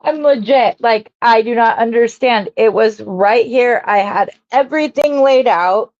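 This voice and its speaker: Chatty woman streaming her craft, higher voice, unhurried, dull lo-fi audio. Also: a little mellow. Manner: chatty and rambling, greeting viewers as she works. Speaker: jewelry maker hosting a live stream. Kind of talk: casual live-stream chat.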